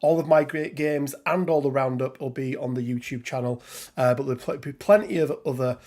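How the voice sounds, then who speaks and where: This host, a middle-aged man from England, speaks in a mid-range, darkish voice at a brisk clip. He rambles chattily through his casual live stream, greeting viewers by reading out their names.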